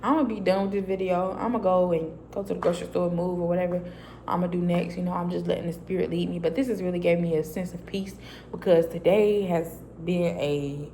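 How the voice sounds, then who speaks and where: A woman vlogger recounts her faith testimony in a quiet private space, loose and chatty with frequent fillers as she performs her own lines. She speaks quickly with a lowish, dark voice and fairly even intonation, and there's a little hiss or hum.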